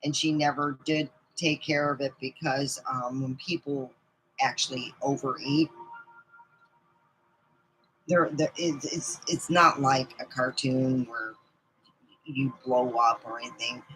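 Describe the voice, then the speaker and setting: A woman's voice: extremely low pitch, steady tone, a little slow, fairly bright tone, soft background music, low-quality recording. A middle-aged woman telling rambling personal stories in a casual vlog, laughing often as she goes. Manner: rambling, chatty, laughs often mid-story. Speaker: vlogger.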